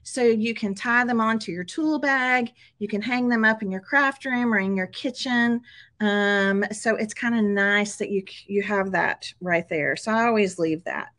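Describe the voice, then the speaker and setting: A woman's voice: medium pitch, unhurried, a bit bright. A middle-aged woman hosting a casual craft tutorial at her table, chatty and upbeat, often checking in with her viewers. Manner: chatty and upbeat, frequent "okay?" check-ins and laughs.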